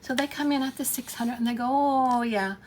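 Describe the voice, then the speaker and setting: A woman's voice: level tone, fast, a little hiss or hum. A woman vlogger explaining an offer in a casual, emphatic way, repeating points and checking that listeners follow. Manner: repetitive, checks listener understands with questions; earnest, emphatic sales pitch. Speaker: online business vlogger.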